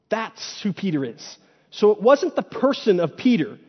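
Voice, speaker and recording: A male preacher with a high voice gives a casual, conversational sermon from a church stage, slipping into paraphrased dialogue. The sound is dull and lo-fi, with a long hall reverb. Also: very animated, moderate pace, breathy edge.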